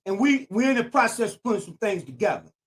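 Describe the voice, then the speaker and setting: A man's voice: sits high, very animated, fast talker. Older man preaching in AAVE. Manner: preachy, repetitive, emphatic. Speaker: YouTube channel host. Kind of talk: streetwise commentary monologue.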